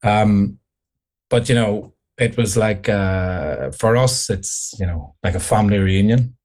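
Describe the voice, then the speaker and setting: Man, Northern Irish accent, actor guest, low voice, chatty, filler-heavy. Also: takes it slowly, a little mellow. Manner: chatty, many fillers and restarts. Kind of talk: radio interview chat.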